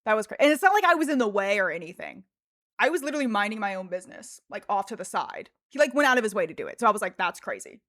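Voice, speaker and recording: A woman streamer chatting casually and telling an animated story, laughing often and peppering her talk with fillers. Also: mid-range voice, very fast, no room sound, studio quality. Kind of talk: casual livestream chat.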